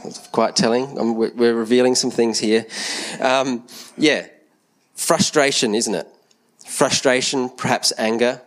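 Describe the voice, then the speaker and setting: A man, gently giving a children's talk in a church service and asking the kids questions. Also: mid-range voice, fairly even intonation, unhurried. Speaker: church leader speaking to a congregation.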